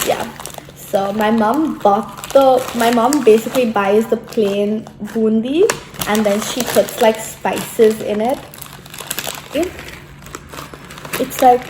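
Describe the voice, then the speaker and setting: Slow-talking young woman vlogger. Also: on the high side, background noise. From India. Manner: chatty, lots of "like" fillers. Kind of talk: casual unboxing chat. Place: room at home, sitting at a table. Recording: echoey room.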